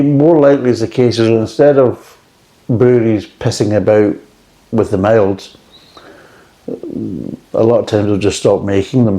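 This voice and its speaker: Man, beer reviewer, casual rambling chat, frank, warm dark tone. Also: on the low side.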